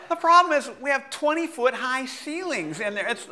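High, bright-voiced man preaching. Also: takes it slowly, pauses often. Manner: animated storyteller who laughs often. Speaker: pastor. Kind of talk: sermon with a personal story.

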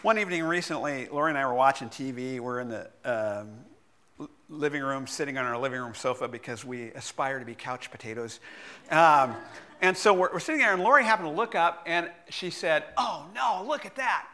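A middle-aged man, a pastor, preaching a sermon and telling a personal story in a lively way, laughing often. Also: medium pitch, brisk.

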